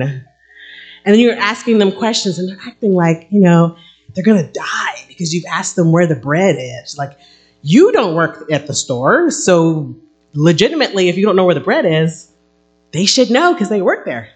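A woman's voice: on the low side, very animated, moderate pace, slightly rough, soft background music. A woman pastor giving a conversational sermon, acting out little everyday scenes as she preaches.

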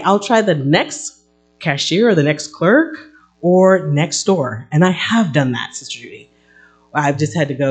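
A woman's voice: sits low, expressive, unhurried, husky. A woman pastor giving a conversational sermon, acting out little everyday scenes as she preaches.

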